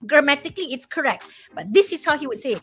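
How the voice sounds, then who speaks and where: A woman's voice: sits high, lively intonation, fast talker, a bit bright. A Malaysian woman with a Malaysian English accent, explaining language learning in casual chat and mixing in Malay words.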